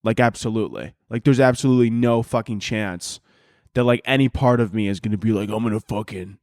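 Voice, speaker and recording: A man's voice: medium pitch, a little fast, darkish tone, no room sound, studio quality. A man of twenty hosting a podcast, rambling through a crude, comedic monologue with lots of swearing and frequent laughter. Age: 20s. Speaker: podcast host.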